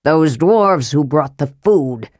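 A woman's voice: sits low, expressive, takes it slowly, a little mellow, dry recording, studio quality. A woman reading an audiobook aloud and voicing an earnest male knight who speaks in a solemn, grave way.

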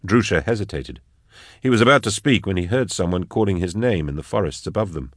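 A man reading a novel aloud as an audiobook, narrating in a measured, quiet way. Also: sits low, lively intonation, no echo, clean studio sound.

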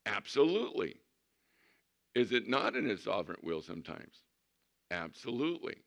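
Male pastor, sermon storyteller; gravelly, forceful, animated delivery. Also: on the low side, moderate pace. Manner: animated storyteller acting out quotes.

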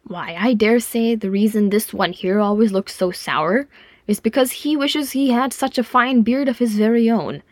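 A woman's voice: on the high side, normal speed, no echo, studio quality, close to an everyday voice. A woman reading aloud and voicing a hearty male dwarf warrior who teases and jokes. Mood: jovial. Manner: hearty, teasing, playful.

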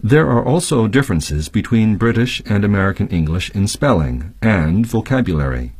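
A man teaching English on a radio lesson, reading example words deliberately and explaining usage. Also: lowish voice, very animated, a little mellow, dry recording. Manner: clear deliberate demonstration, measured explanations.

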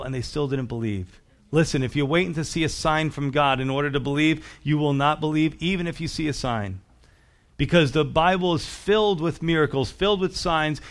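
A man preaching a sermon through a gospel passage, reading verses and explaining them, sometimes acting out the voices in the story. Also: mid-range voice. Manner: expository preaching, acts out scripture voices. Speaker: pastor.

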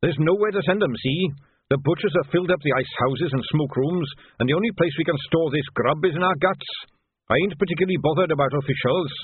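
A man's voice: fairly high pitch, quick pace, slightly rough, dry recording, pitched above the performer's own voice. A man voicing a cheerful, practical old sergeant with folksy, clipped speech. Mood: cheerful, matter-of-fact. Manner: folksy, dropped-letter speech. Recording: thin phone-like dry sound.

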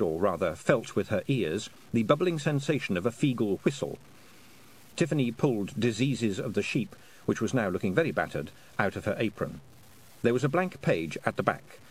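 Wry, lively male storybook narrator. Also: fairly low pitch, moderate pace, husky. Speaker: audiobook narrator. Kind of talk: scripted narration.

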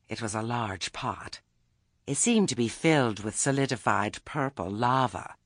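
A male audiobook narrator with a husky voice, reading with wry, expressive storytelling. His pitch rises and falls a lot, and the sound is close and dry with no room. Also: a little slow, dry recording. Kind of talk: scripted narration.

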